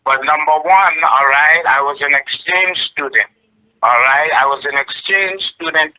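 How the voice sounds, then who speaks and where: A blustery man from Ghana talks in a brash, in-character way, ending line after line with a pushy "all right?". His voice is very bright and sharp, and it sits a bit high. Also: measured pace, poor audio. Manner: blustery, tags nearly every phrase with "all right?". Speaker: wrestling personality guest. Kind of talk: brash in-character interview chat.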